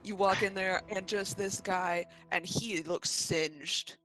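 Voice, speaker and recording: A man narrating a tabletop game as game master, halting and laughing often. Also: high-pitched, fairly even intonation, sharp tone, faint music behind.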